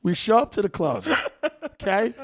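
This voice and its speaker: A man in his thirties spins a comic story as a podcast host, brash and profane. His voice is high and swings widely in pitch, with a gravelly rasp running underneath. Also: lively intonation, moderate pace.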